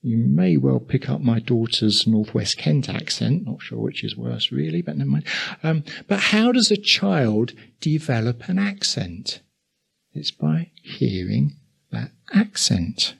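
A man's voice: mid-range voice, big pitch swings, gravelly, breathy edge. An older man with an Essex accent preaching a sermon in a conversational way, full of asides to the congregation. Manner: conversational, with asides and quick chuckles.

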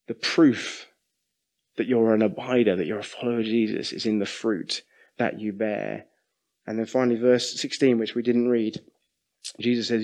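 A middle-aged man delivers a sermon conversationally, frequently putting questions to the congregation. His voice is medium-pitched and a little mellow, with fairly even intonation and a moderate pace.

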